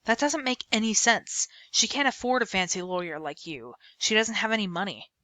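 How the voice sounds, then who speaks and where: A woman reading aloud and voicing a gruff, impatient male public defender with a sarcastic manner. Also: high voice, animated, moderate pace, pushed and bright, no room sound. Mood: irritated.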